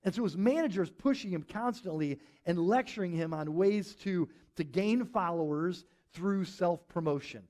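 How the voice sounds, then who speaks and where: A man preaching a sermon to a live church audience, telling a story in an animated way and acting out quotes. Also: high-pitched, moderate pace, few pauses. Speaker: pastor.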